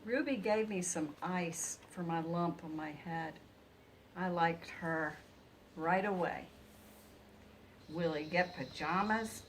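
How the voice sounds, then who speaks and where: Woman reading a storybook slowly. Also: on the low side, slight background noise. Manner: slow, expressive reading. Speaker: reader. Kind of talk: storybook read-aloud.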